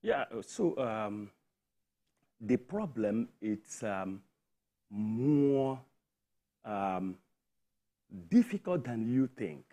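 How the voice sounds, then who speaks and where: A man's voice: medium pitch, big pitch swings, extremely slow, long pauses, warm tone. A man with a Nigerian accent, a studio guest explaining a point emphatically with figures. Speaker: guest, tech education founder. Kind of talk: studio interview.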